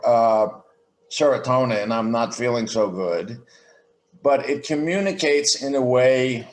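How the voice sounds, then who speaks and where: Guy talking slow and thoughtful on a video call, average pitch, keeps restarting sentences. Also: roomy sound. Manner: slow, reflective explaining with frequent restarts. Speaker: podcast guest. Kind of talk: conversational interview.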